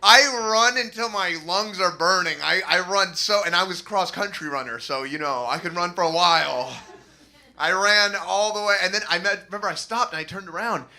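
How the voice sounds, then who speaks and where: A young man doing stand-up storytelling, animated and jumping into high squeaky voices for the people he quotes. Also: normal speed. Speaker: stand-up comedian.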